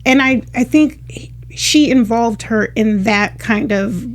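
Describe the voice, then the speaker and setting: A woman's voice: on the high side, slow. A woman on a casual panel show, talking emphatically and often restarting her sentences.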